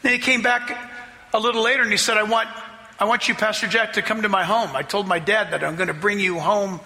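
Pastor, male, high-pitched and gravelly, preaching with emphatic storytelling in a reverberant hall. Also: steady tone, a little fast, sharp tone. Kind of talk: sermon.

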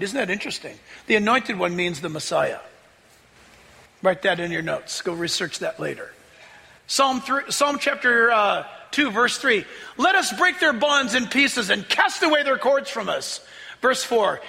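A man preaching a sermon as a pastor, excitable, often laughing and rising to shouts as he reads scripture. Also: very high-pitched, normal speed, creaky, big-room sound.

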